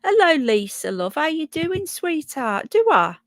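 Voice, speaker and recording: A woman's voice: high voice, very animated, measured pace, no echo, clean studio sound. A woman from Birmingham with a Brummie accent and a touch of Yorkshire, chatting casually as a livestream host, blunt and sweary, calling viewers "love". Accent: Brummie, with some Yorkshire. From Birmingham, England. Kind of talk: casual live chat reading comments and news.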